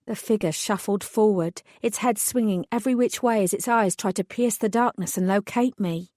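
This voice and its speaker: A woman's voice: medium pitch, normal speed, hardly any pauses, warm tone, dry recording. A woman narrating a first-person fantasy audiobook in a dry, composed way.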